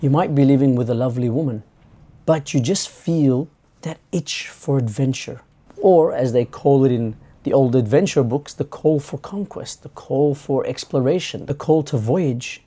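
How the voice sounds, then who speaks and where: Mellow with a breathy edge, the man's medium-pitched voice moves at a moderate pace. As host of his channel, he delivers a reflective monologue and conversationally acts out exchanges he imagines.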